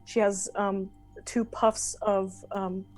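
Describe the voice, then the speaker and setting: A woman's voice: medium pitch, level tone, slow, a little mellow, soft background music. A woman playing a tabletop game, describing her character hesitantly with many fillers. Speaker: player.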